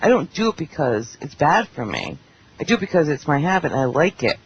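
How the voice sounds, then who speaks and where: A woman's voice: low voice, fairly quick. A woman chatting bluntly and at length on a roundtable talk show. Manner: blunt, talkative, quotes people in animated voices. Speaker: panelist. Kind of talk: casual roundtable chat. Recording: dull internet radio with faint hiss.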